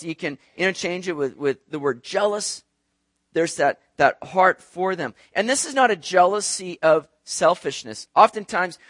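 High-voiced man preaching animatedly. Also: no echo, studio quality. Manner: animated, conversational preaching with rhetorical asides. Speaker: pastor. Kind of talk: sermon.

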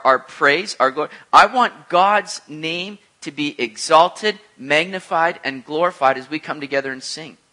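A man preaching a sermon as a pastor, animated, with joking asides. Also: on the high side.

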